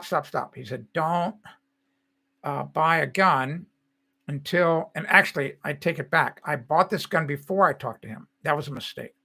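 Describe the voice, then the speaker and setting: Gravelly laughing man, bright voice. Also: a little high. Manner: rambling storytelling with frequent laughs. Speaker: live stream host. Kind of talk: casual live stream chat.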